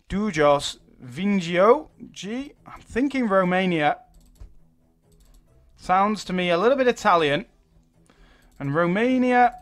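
With a high voice, a young man streams his gameplay as a YouTuber, commenting excitedly and breaking into curses and exclamations when something goes wrong.

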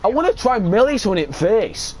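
A young man giving excitable, sweary live commentary while playing a shooter game. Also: high voice, a little fast, background noise. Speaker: gaming streamer.

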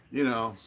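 A middle-aged man hosting a casual live-stream chat, telling a profane story and loudly acting out what others said. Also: medium pitch. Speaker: channel host.

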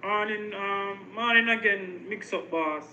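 High-voiced Jamaican man begging in a voice note. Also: unhurried, bright, forceful tone, reverberant, a little hiss or hum, low-quality recording. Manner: begging, repetitive. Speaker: caller. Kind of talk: voice message.

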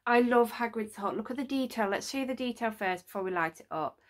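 A woman filming a casual home unboxing vlog, gushing and excitable, sometimes dropping to a whisper. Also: a little high, quick pace. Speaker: unboxing vlogger. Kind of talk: casual chat to camera. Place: home studio.

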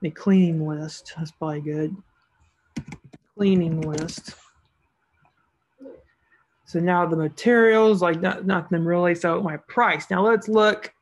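A woman's voice: lowish voice, steady tone, takes it slowly, pauses often. A woman narrating a screen-recorded tutorial as an online seller, casual and thinking aloud as she clicks through each step.

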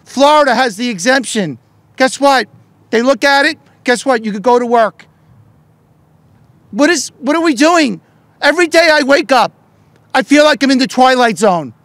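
A middle-aged man, a politician and union leader, giving an impassioned speech at a press event, shouting with fervor and firing off rhetorical questions. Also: very high-pitched, expressive, normal speed, long pauses, dry recording.

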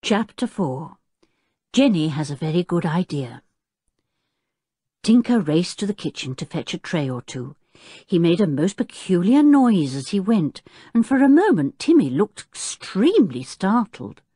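A woman narrating a children's storybook audiobook in an expressive, lilting reading style. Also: fairly low pitch, unhurried, husky, no room sound, clean studio sound.

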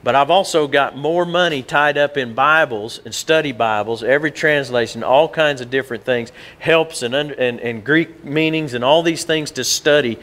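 A middle-aged man preaching a sermon as pastor, folksy and conversational, rising in pitch for emphasis. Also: normal speed, few pauses, a bit bright.

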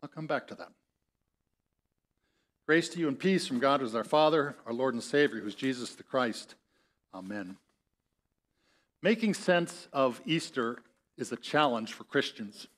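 In a church sanctuary, a male pastor with an Upper Midwest American accent preaches at a moderate pace, leaving long pauses. His medium-pitched voice is expressive and a bit bright, and he tells the story conversationally while voicing its characters.

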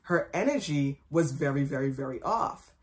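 A woman's voice: sits low, expressive, normal speed, darkish tone. A young woman, host of her own fashion blog, telling a personal story to camera with emphatic repetition and acted-out quotes. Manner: emphatic, repeats phrases for effect.

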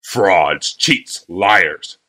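Guy putting on a big blustery wagon master yelling, pitched way up and loud, kinda husky, storybook reading. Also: sing-song, unhurried, heavily acted. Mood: furious. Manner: shouting, sputtering, angry. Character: blustering wide-girthed male wagon master.

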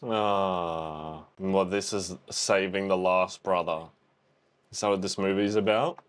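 A man's voice: low-pitched, fairly even intonation, slow pace, clear, resonant tone. A young man, chatting and exclaiming as he reacts to a film for the first time. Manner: chatty, exclaims and thinks aloud. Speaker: reaction video host. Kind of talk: casual film reaction commentary.

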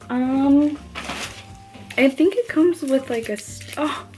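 Young woman vlogger, unhurried delivery, excitable and squealy over cute things, music bed underneath. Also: high-pitched. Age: young adult. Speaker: unboxing vlogger. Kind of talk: casual unboxing chat. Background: background music.

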